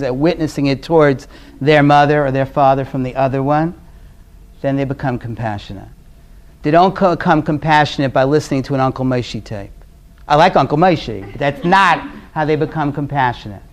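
This parenting class comes from an earnest Brooklyn, New York man who lectures conversationally and leans on storytelling. Many times he shifts down to a hushed, low voice.

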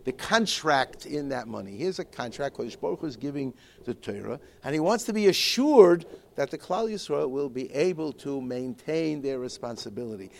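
A man teaching a Torah class in a halting way, restarting his sentences often and mixing Hebrew and Yiddish terms into his English. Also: medium pitch, lively intonation, vocal fry, darkish tone. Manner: halting, with many repeated restarts. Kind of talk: Torah lecture.

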